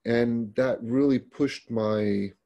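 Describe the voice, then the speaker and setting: Speaking as a guest, a middle-aged paramedic shares plain-spoken, conversational stories from work, with frequent restarts. His medium-pitched voice is warm and steady, he talks slowly, and the sound is lo-fi.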